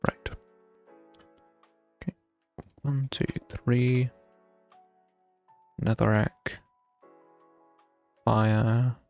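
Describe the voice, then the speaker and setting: A man's voice: mid-range voice, little pitch movement, extremely slow, creaky, long pauses, a little mellow, soft background music. A young man chatting casually while streaming a game, thinking aloud with wry self-mockery. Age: young adult. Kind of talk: casual live gameplay commentary.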